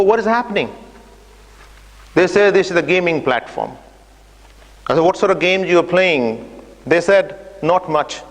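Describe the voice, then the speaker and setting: Male lecturer, fairly high voice, narrative talk with fillers, long hall reverb. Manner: imaginative journey narrative, acting out dialogue with hesitant fillers. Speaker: speaker giving an Islamic talk. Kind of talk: storytelling lecture. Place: mosque or community centre hall.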